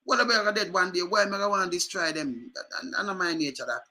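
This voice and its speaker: Older Jamaican man, fiery ranting commentator, slightly high, piercing bright voice. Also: quick pace. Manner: fiery, repetitive, drops into patois. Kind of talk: impassioned political rant.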